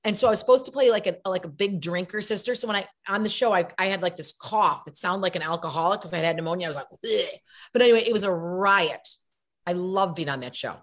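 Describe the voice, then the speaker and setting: A middle-aged actress being interviewed, chatting and telling animated stories with acted-out voices. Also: female voice, fairly low pitch, fast talker. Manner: animated storyteller, acts out voices. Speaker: guest actress. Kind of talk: casual interview chat.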